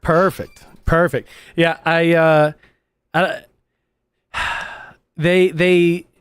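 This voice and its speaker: Rambling, fairly high-voiced man streamer. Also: level tone, extremely slow, fairly bright tone, clean tone, dry recording. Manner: rambling, self-interrupting, laughs often. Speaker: streamer host. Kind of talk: casual live-stream chat.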